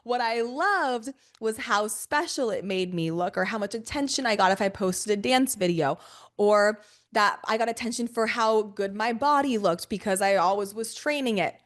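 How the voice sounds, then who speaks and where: A young adult woman hosting a podcast, talking in an animated, profane, casual monologue with quick bursts and playful asides. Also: mid-range voice. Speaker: podcast host.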